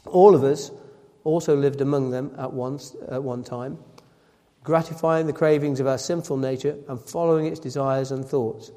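A man's voice: mid-range voice, steady tone, moderate pace, dark tone. Man preaching in a reverberant hall. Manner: reads scripture aloud, then explains it with repeated phrases and self-corrections. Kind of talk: sermon.

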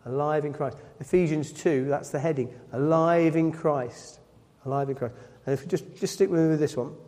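A man's voice: on the high side, mellow. Man preaching in a reverberant hall. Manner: reads scripture aloud, then explains it with repeated phrases and self-corrections. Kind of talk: sermon.

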